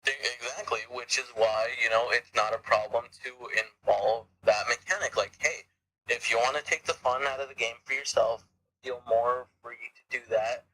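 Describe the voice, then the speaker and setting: Bright-voiced stammering podcast host. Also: male voice, mid-range voice, fairly even intonation, moderate pace, poor audio. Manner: rambling, stammering restarts and frequent swearing. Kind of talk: casual chat.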